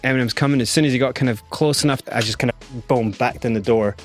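A middle-aged man telling his own story in an interview, animated and acting out what others said. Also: medium pitch, fast talker, soft background music. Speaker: guest.

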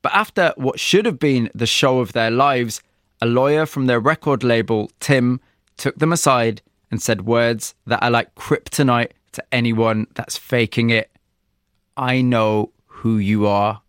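A man interviewing a guest and narrating, asking measured, probing questions. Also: medium pitch, a bit bright, no echo, studio quality. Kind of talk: documentary-style interview and narration.

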